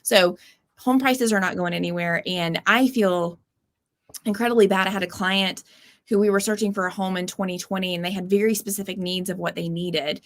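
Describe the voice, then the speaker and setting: A woman's voice: mid-range voice, steady tone, normal speed. A woman real estate agent on a video call, chatting and telling stories about her market with many fillers. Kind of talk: casual panel chat.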